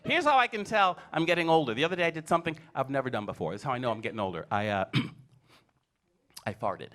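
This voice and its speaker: Lively, animated man in his forties. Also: medium pitch, fast talker. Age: 40s. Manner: animated storytelling, acting out his kids. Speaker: stand-up comedian. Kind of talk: stand-up comedy set. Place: comedy stage before a live audience.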